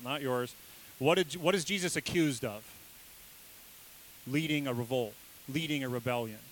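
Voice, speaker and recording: Through a low-quality recording with some hiss or hum, a man's fairly bright, mid-range voice delivers a relaxed sermon. As pastor, he asks his listeners questions and bursts into emphasis while voicing the story's characters.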